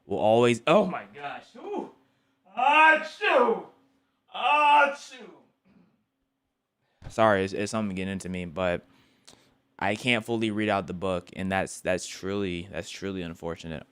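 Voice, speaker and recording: Low-voiced joking male streamer. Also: expressive, normal speed, smooth. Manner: playful, repeats words for comic effect. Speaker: streamer reacting to a video. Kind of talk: casual live-stream chat.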